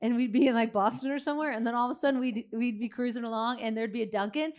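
A middle-aged woman hosting a live podcast, telling stories in an animated, laughing way. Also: on the high side, fast. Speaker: podcast host. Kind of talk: live podcast chat before an audience.

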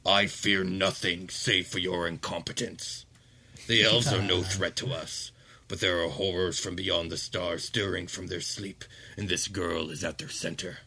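A man voicing a towering ancient demon lord with a slow, grave, imperious delivery. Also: low-pitched, steady tone, sharp tone, breathy edge, full character voice.

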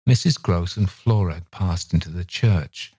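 Male audiobook reader, very low voice, husky, dry close sound. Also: moderate pace, mellow, no room sound. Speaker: audiobook narrator. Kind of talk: literary audiobook narration.

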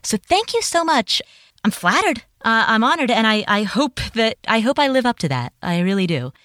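A woman's voice: on the high side, big pitch swings, moderate pace, a bit bright, dry recording, clean studio sound. A woman hosting a solo podcast from a home closet, chatty and enthusiastic, with carefully articulated speech. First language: Nepali. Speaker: podcast host. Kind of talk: solo podcast outro, reading listener reviews. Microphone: home studio mic in a closet.

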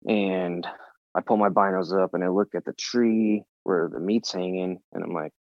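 Very deep-voiced man telling a wild story. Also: moderate pace, dry recording, lo-fi sound. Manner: animated, swears freely, acts out his own reactions. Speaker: podcast guest. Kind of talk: storytelling in casual conversation.

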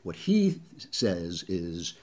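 A man's voice: deep voice, wildly swooping pitch, drawn-out words, darkish tone. A man hosting a political commentary show, delivering a sarcastic, conversational monologue. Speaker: talk show host.

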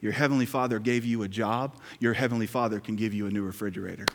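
A man's voice: on the low side, steady tone, fast, heavy background noise. A male pastor preaching a sermon in a conversational, joking way, repeating key lines. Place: church sanctuary. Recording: hall reverb.

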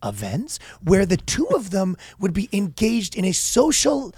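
A man playing a soft-spoken, pedantic male university professor who talks slowly in wordy, half-whispered phrases. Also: high voice, huge pitch swings, husky, dry recording, clean studio sound, pitched above the performer's own voice, full character voice. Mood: hushed pedantic.

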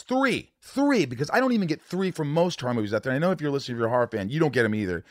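A man's voice: fairly high pitch, sing-song, fast, hardly any pauses, no room sound, clean studio sound. A man hosting a casual conversation, emphatic and swearing freely as he talks.

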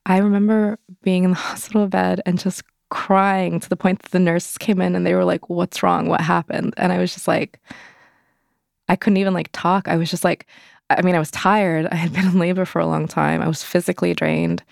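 A woman's voice: fairly low pitch, little pitch movement, fairly quick, vocal fry, a little mellow, no room sound, studio quality. A young woman telling a personal story in an interview, candid and loose, full of "like" fillers. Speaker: interview guest.

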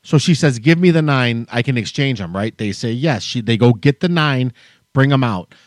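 A podcast co-host with a mid-range voice launches into a long story that turns into a heated, profane rant amid casual chat. He speaks animatedly at a moderate pace, and the studio recording is clean with no echo.

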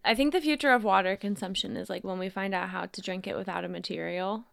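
A woman's voice: medium pitch, fast, gravelly, clear, resonant tone, no echo, clean studio sound. A woman co-hosting a podcast, chatting casually and riffing playfully on jokes. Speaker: podcast co-host. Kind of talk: casual group chat.

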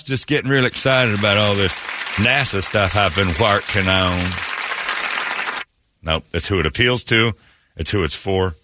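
A man's voice: lowish voice, measured pace, crowd noise, noisy background. A man hosting a morning radio show, ranting sarcastically in casual banter. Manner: sarcastic, mocking rants.

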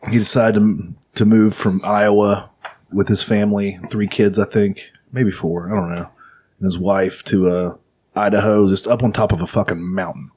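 A man's voice: on the low side, a little mellow. A man casually retelling a story to friends, rambling with lots of fillers and swearing. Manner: rambling, profane, filler-heavy.

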